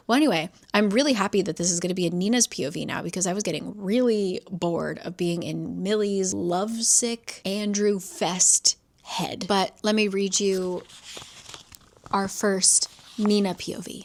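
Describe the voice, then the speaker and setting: A young woman chatting casually about a thriller, reading passages aloud and acting out the characters' lines. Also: mid-range voice. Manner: chatty, animated, swears casually, acts out quotes. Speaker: book vlogger. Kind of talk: casual book reading vlog.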